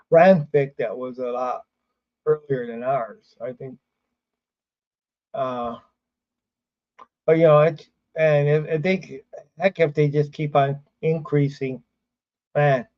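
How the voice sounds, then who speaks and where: A man's voice: fairly high pitch, darkish tone, lo-fi sound. A man hosting a casual sports livestream, rambling with fillers and restarts, sleepy and yawning. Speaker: sports show host.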